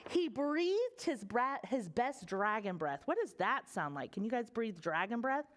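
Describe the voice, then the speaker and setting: A young woman, a children's librarian, reading a picture book aloud to preschoolers in an animated sing-song voice and asking them questions. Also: on the high side, measured pace, slight background noise.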